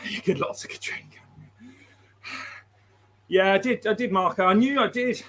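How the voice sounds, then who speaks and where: A man's voice: sits high, normal speed, fairly bright tone. A man hosting a livestream, chatting casually, laughing often and reading out viewer messages. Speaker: livestream host.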